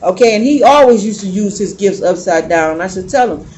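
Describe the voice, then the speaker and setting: A woman's voice: mid-range voice, animated, brisk, a little mellow, slight background noise. A woman tarot reader talking bluntly and emphatically in a casual, heavily profane monologue.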